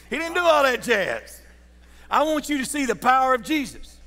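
A man's voice: extremely high pitch, sing-song, normal speed, pushed and bright, in a large hall. A man preaching a sermon as pastor, folksy and joking, putting questions to his congregation. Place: church sanctuary.

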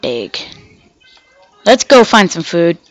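A woman speaks slowly at a medium pitch on a rough recording. She's a gaming channel host who rambles chattily during play, talking to herself and the game's animals. She sounds off because she is sick.

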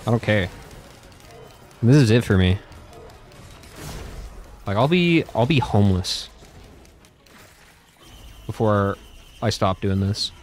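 Young guy playing a game and chatting w chat, swears a lot, lowish voice, faint music behind. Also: slow pace, long pauses. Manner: profane, laughing, loose chatter. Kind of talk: casual gameplay commentary.

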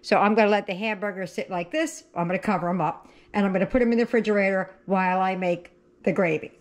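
Quick and steady, a woman with a mid-range voice talks through her cooking video, chatting casually and correcting herself. Frying and sizzling sound in the background as she cooks.

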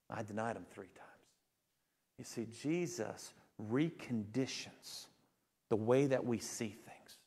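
A male pastor delivering a sermon, telling a story with animated delivery and building to fervent emphasis. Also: a little high.

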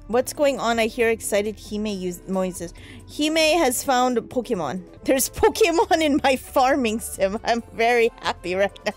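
A young woman giving casual let's-play commentary, excitable, squealing in delight and swearing when startled. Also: on the high side, moderate pace, soft background music. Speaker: gamer streamer.

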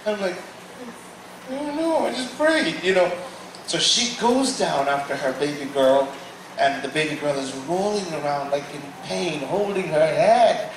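Animated high-voiced man preaching in an echoey hall. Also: measured pace, background noise. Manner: animated storytelling, acting out the people in the story. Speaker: guest preacher. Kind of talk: testimony sermon. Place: large hall at a church service. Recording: echoey hall from far off, with audience.

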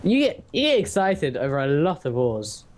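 A man's voice: fairly high pitch, wildly swooping pitch, normal speed. Dry, sarcastic young man gaming. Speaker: co-player. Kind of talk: casual gaming chat.

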